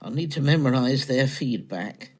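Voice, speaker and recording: A man's voice: mid-range voice, lively intonation, moderate pace, heavy background noise. A man performing scripted comedy dialogue, chatty, dry and earnest. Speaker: comedy co-host.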